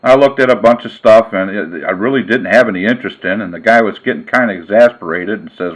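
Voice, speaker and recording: A man and sports card vlogger telling a casual story in a folksy, relaxed way. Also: fairly low pitch, quick pace, hardly any pauses, rough recording.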